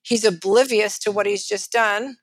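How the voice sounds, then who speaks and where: A middle-aged financial advisor with a Texan accent, telling stories lively in an interview and acting out the people she quotes. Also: mid-range voice, normal speed, no room sound. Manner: animated, acts out quotes of others. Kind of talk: storytelling in a podcast interview.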